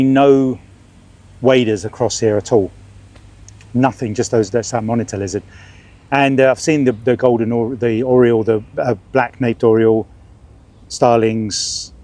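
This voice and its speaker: A man's voice: medium pitch, fairly even intonation, normal speed, long pauses, warm tone. A middle-aged man vlogging outdoors in a park, rambling in a chatty, stop-start way as he birdwatches and swats at bugs. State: sweating, swatting ants and bugs. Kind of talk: casual outdoor vlog narration.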